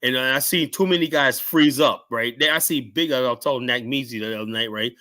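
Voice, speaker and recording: A man's voice: mid-range voice, normal speed. A middle-aged man telling stories in a casual podcast chat, rambling, tagging "right?" and "whatnot" onto his lines. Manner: rambling storyteller, keeps adding "right?" and "whatnot", shouts out quoted lines. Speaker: guest telling security stories.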